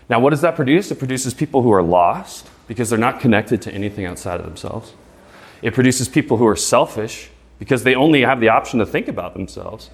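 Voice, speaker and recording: A man's voice: mid-range voice, brisk, husky. Emphatic man in his thirties giving a talk. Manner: emphatic, rhetorical, keeps asking "right?"; gets excited and stumbles over repeated words. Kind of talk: live presentation to an audience.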